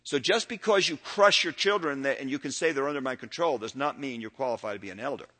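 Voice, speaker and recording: An older man, a pastor teaching about church elders, speaking in a sermon-lecture style that swings from loud emphatic peaks to quiet low asides. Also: fast.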